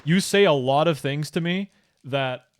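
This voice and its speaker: A man's voice: a little high, measured pace. A young man chatting casually with his stream chat while speedrunning a game, loose, profane and talkative. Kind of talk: live gaming stream chat.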